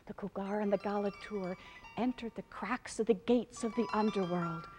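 A woman's voice: mid-range voice, normal speed, a little mellow, husky. A woman storyteller performing an ancient epic in a rhythmic, incantatory way, sometimes dropping to a whisper.

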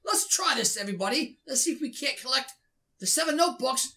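A woman doing excitable, shrieky let's play commentary as a gaming YouTuber. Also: sits high, fast talker, low-quality recording. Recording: voice over loud game music.

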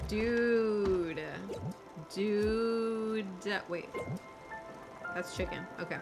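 A young woman talks her way through a game at an unhurried pace, with excitable outbursts and frequent swearing. Her voice sits in a middle pitch. Loud game music plays behind her. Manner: excitable, swears freely, gasps and exclaims. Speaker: gaming streamer. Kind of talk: casual gameplay commentary.

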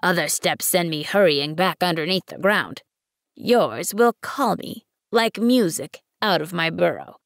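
A woman voicing a wise, patient male fox in an audiobook, speaking in a measured, earnest way. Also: on the low side, lively intonation, fairly bright tone, dry recording, studio quality. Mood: wistful. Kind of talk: audiobook reading.

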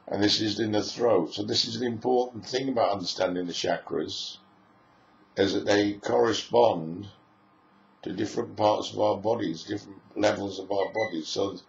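A man's voice: on the low side, creaky, slight background noise. A man giving a spoken lecture in a musing way, piling up lists of phrases as he goes. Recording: echoey room, dull lo-fi sound.

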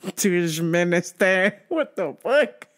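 A man's voice: high-pitched, animated, takes it slowly, a bit bright. A man hosting a casual comedy podcast, telling news stories with profanity and frequent laughter. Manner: profane, laughing often, storytelling. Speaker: podcast host.

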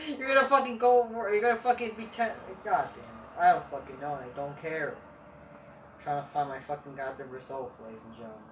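A man rants his way through a wrestling review, swearing at every turn and waving things off with a shrug. His tone is bright and sharp. He sounds distant from the camera mic in an echoey room. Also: a little high, moderate pace. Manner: rambling, constant swearing, dismissive. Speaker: wrestling show reviewer, channel host. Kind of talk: profane rambling review rant. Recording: roomy, distant mic, faint noise.

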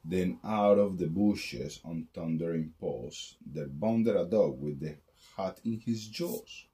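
Deep-voiced man reading a bedtime story. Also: takes it slowly, warm tone. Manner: sing-song rhyming storytelling. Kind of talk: reading a picture book aloud.

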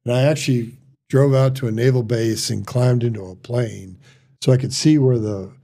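A middle-aged man with a dark, gravelly voice tells stories in a relaxed chat. He stops and restarts often and acts out what others said. His tone is mellow and a little husky. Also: mid-range voice. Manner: halting, many restarts and quoted dialogue. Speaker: surgeon guest. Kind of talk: casual storytelling chat.

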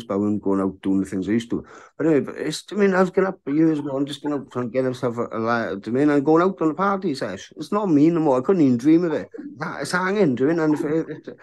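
A man's voice: medium pitch, a little mellow. A man in his thirties, a bare-knuckle fighter, talking frankly in a casual interview and often asking "do you know what I mean?".

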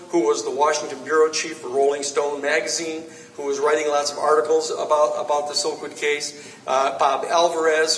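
A man giving an author talk, telling lively anecdotes to a live audience and acting out quoted lines. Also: a little high, slight background noise. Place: bookstore event space. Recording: roomy echo from far off.

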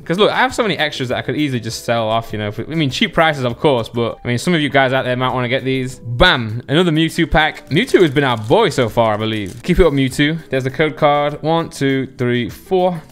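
Opening card packs for his viewers, a card collector keeps up a jokey, chatty unboxing commentary and rattles off card names fast. His mid-range voice is a bit bright, and soft music plays in the background.

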